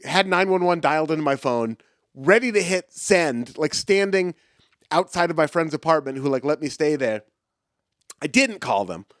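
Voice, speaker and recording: A man's voice: fairly high pitch, expressive, moderate pace, no room sound, studio quality. A man in his forties talking casually on a podcast, rambling with many fillers. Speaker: comedian guest.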